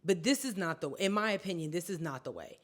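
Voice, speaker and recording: A woman's voice: lowish voice, expressive, fast. Blunt, emphatic woman podcast co-host. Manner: emphatic, blunt, swears freely. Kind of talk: casual chat.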